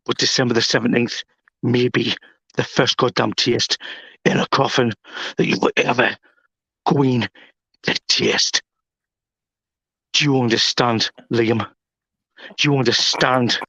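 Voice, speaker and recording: Man as wrestling promoter, taunting promo, dry and dull lo-fi sound, even middle pitch. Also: slow, gravelly, pauses often, husky, dry recording. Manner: threatening, taunting, rising to shouts.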